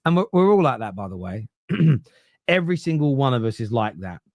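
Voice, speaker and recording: A man's voice: mid-range voice, sing-song, fairly quick, a little mellow, no echo, studio quality. A man hosting a football podcast, ranting casually with swearing, digressions and mocking asides. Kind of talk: casual opinionated rant.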